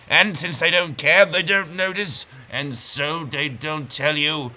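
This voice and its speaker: A man's voice: on the high side, unhurried, hardly any pauses, over loud music. A man giving casual, rambling, self-mocking commentary over a brain-training game. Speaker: gameplay commentator.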